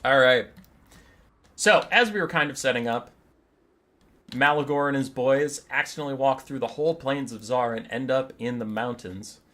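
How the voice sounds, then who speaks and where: A man casting a strategy game battle, telling the story in an animated, jokey way with quick asides. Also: medium pitch. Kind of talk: casual game commentary and storytelling.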